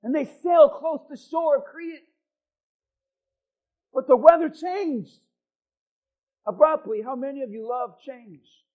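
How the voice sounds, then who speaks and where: High-voiced, slow preaching man. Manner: dramatic preaching, swings from loud to hushed. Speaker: pastor. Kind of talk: sermon. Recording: thin phone-like sound.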